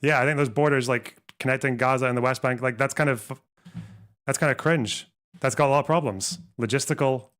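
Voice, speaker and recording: A man's voice: medium pitch, fairly even intonation, a little fast, fairly bright tone, smooth. A man streaming a live reaction, talking back at a video with profane, scornful sarcasm.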